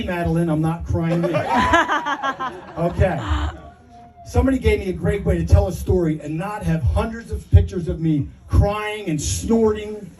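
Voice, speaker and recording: A man's voice: sits high, moderate pace, distant mic, very noisy. Emotional father of the bride toasting. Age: middle-aged. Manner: self-deprecating, emotional, laughing through his story. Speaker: father of the bride giving a wedding speech. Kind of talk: wedding toast, storytelling. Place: wedding reception hall.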